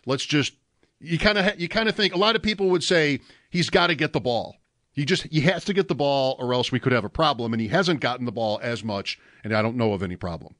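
A man's voice: mid-range voice, fast, a bit bright, no room sound, studio quality. A man co-hosting a sports talk show, talking in a thoughtful, musing way. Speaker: sports radio co-host.

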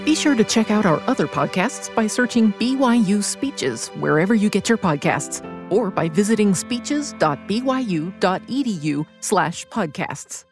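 A woman reading a scripted podcast introduction in a clear, steady way. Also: medium pitch, normal speed, few pauses. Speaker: podcast announcer. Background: music.

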